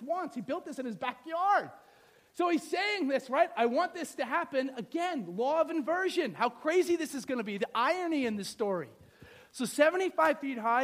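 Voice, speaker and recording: A pastor preaching a sermon, reading scripture and explaining it in a lively, conversational way with frequent rhetorical questions. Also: male voice, very high-pitched. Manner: animated, conversational, asks the audience rhetorical questions.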